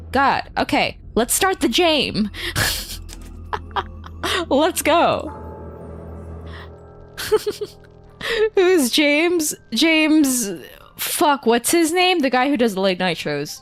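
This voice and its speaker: A young woman streaming a game, chatting casually and playfully with her viewers and giggling often. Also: high-pitched. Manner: playful, giggly, switches between languages. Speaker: VTuber streamer. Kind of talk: casual live-stream chat.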